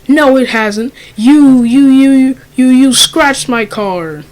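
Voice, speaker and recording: A woman's voice: mid-range voice, animated, takes it slowly. A woman voicing a rude, suspicious and sarcastic woman customer who speaks in curt, accusing bursts.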